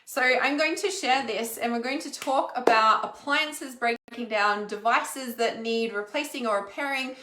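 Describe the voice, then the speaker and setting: A woman's voice: fairly high pitch, unhurried, few pauses, pushed and bright, echoey room. An Australian woman hosting a casual spiritual livestream, chatting in a rambling way with lots of fillers. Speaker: intuitive healer hosting a livestream.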